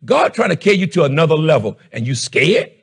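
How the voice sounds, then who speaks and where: A middle-aged man preaching a fervent sermon as pastor, shouting one moment and dropping low the next. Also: very animated, fairly quick, breathy edge.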